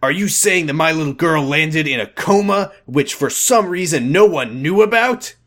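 A man voicing an outraged father who shouts at a doctor, read aloud over a voice call. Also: on the high side, animated, moderate pace, voice pushed up. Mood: furious. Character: furious grieving father, grown man. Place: home, on a voice call.

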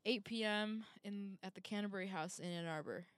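A woman's voice: medium pitch, fairly quick, dry recording. A woman comedian guesting on a casual podcast, dry, playful and self-deprecating.

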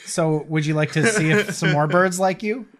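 A man's voice: fairly high pitch, moderate pace. A man playing a tabletop game, pushy and joking as he eggs on the table. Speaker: player. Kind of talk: casual tabletop play.

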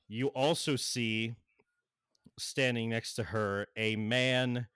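A man's voice: medium pitch, drawn-out words, a bit bright, clean tone, no room sound, studio quality. A young man narrating an online tabletop game as game master, rambling with many fillers.

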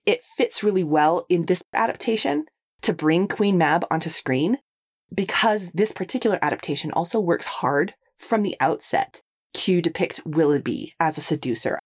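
A woman's voice: on the low side, expressive, moderate pace, slightly rough. A woman co-hosting a literary podcast, chatting enthusiastically about a novel and laughing often. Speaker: podcast co-host. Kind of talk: casual literary discussion.

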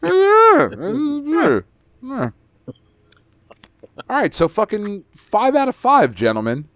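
A man's voice: very high voice, huge pitch swings, takes it slowly, a bit bright, dry recording. A man hosting a podcast in casual chat, rambling and swearing freely. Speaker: podcast host.

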